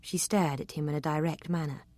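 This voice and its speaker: A woman narrating a romance novel, with an expressive, even reading. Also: low voice, brisk, no room sound, clean studio sound. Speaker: audiobook narrator.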